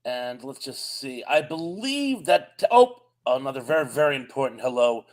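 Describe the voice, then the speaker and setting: A man's voice: mid-range voice, expressive, normal speed. A man with a Southern US accent co-hosting a live stream, reading out chat greetings in a friendly, chatty way.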